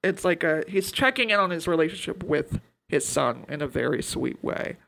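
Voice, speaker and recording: A woman's voice: low voice, animated, normal speed, vocal fry, fairly bright tone, a little hiss or hum. A woman co-hosting a podcast, chatting casually and retelling movie scenes with acted-out quotes. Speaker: podcast co-host. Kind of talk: casual chat.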